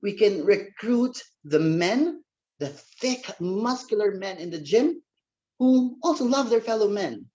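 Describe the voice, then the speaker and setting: Guy doing a comedy speech, lively swooping pitch, dull muffled recording. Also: unhurried. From Philippines. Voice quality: playful, theatrical delivery. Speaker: speech contestant. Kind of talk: humorous contest speech.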